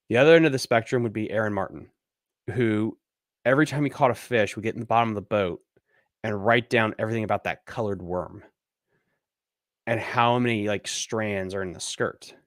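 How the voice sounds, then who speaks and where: A man's voice: on the low side, dry recording, studio quality. A man hosting a live fishing podcast, ranting bluntly and swearing casually as he answers listener questions. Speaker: podcast host. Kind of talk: casual live-stream rant and Q&A.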